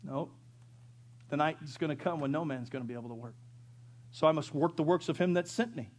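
Impassioned pastor preaching. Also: male voice, a little high, fairly quick. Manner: storytelling, swelling to loud impassioned preaching. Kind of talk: sermon.

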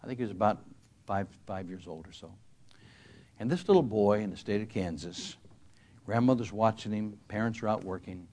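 A man's voice: fairly low pitch, moderate pace, warm tone. An older man, a retired pastor, telling a story in a sermon, earnest and emphatic with frequent restarts.

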